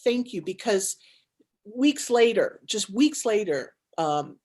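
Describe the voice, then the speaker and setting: A woman, co-founder and CEO of a nonprofit, telling a personal story on a panel in a lively, dramatic way full of likes and restarts. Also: medium pitch, slow pace.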